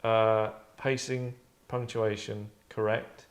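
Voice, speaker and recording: A man with a lowish voice speaks slowly and in a level tone while hosting and directing a voice session. He rambles and restarts as he gives notes, acting out lines in casual direction.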